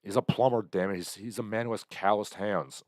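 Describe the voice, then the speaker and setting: A man's voice: lowish voice, steady tone, fairly quick, dry recording, studio quality. A young man hosting a casual livestream, rambling sardonically through chat comments. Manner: rambling, sardonic, bursts into loud impressions. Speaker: livestream host.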